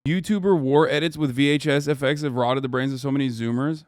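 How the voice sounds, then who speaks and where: A man reacting to a news video on a livestream, ranting angrily and swearing heavily, his voice rising into shouts. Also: medium pitch, steady tone, fast talker, dry recording, clean studio sound. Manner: profane, angry ranting.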